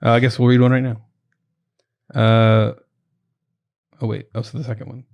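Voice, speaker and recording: A man hosting a podcast, chatting casually with quick asides. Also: mid-range voice, flat delivery, gravelly, dull audio. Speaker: podcast host. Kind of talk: casual chat.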